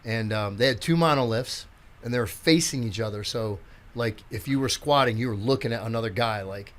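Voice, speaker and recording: A man in his sixties, a physical therapist and strength coach, speaks at medium pitch and a little fast. As a podcast guest, he tells stories animatedly in a casual chat, acting out quotes and swearing freely.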